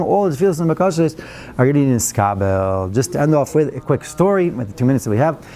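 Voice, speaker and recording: A man's voice: fairly high pitch, mellow. A man, a rabbi, teaching a weekly Torah class, telling stories and acting out quoted lines, with Hebrew and Yiddish terms woven into his talk. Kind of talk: Torah class, storytelling lecture.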